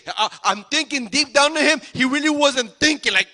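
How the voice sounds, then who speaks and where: A man preaching a sermon as pastor, animated and repetitive, acting out the speakers in the story. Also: very high-pitched, normal speed. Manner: animated preaching, repeats phrases, acts out voices. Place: church sanctuary. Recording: long hall reverb.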